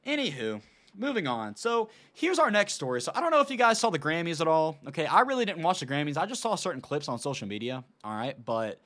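A man's voice: fairly high pitch, fairly bright tone. A man hosting a casual commentary show, talking loosely with lots of laughs, "dude" and fillers. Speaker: show host.

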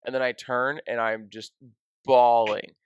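A young man hosting a podcast, telling an emotional story in a casual, excitable way, full of "dude" and "like.". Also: mid-range voice, unhurried, clear, resonant tone, no room sound, lo-fi sound. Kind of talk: casual chat.

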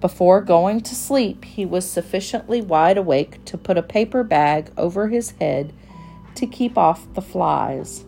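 A woman reading a children's storybook aloud in a gentle, unhurried manner. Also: lowish voice, animated, vocal fry, soft background music.

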